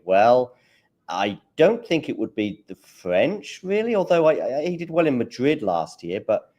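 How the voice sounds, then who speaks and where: A man's voice: medium pitch, big pitch swings, unhurried, darkish tone. A man hosting a podcast, chatting casually, repeating words as he finds his point and putting questions to his co-host. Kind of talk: casual chat.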